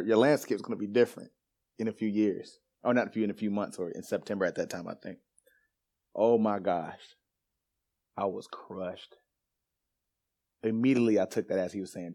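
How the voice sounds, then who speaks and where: In a church sanctuary, a man delivers a storytelling sermon, sharing a personal story with laughter and casual slang before moving to scripture. His voice sits on the low side and is a little mellow.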